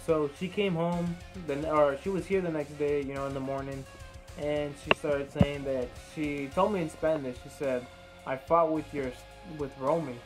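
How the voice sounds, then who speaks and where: A man's voice: fairly high pitch, steady tone, normal speed, low-quality recording. A young man telling a long, rambling workout story in casual talk, swearing freely and acting out what was said. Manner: rambling, profane, retells dialogue in quoted bursts. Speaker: vlogger. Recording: music playing clearly behind the voice.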